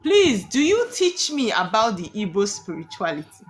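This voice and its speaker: A woman's voice: medium pitch, wildly swooping pitch, normal speed. A woman, hosting a live stream and teaching with emphatic rhetorical questions that she answers herself.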